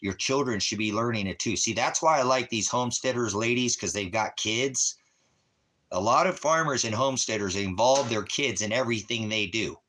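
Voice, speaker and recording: A man's voice: mid-range voice, normal speed, bright, forceful tone. A man hosting a casual livestream, rambling profanely and talking straight to his chat viewers. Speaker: livestream host. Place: Christmas Valley area, rural.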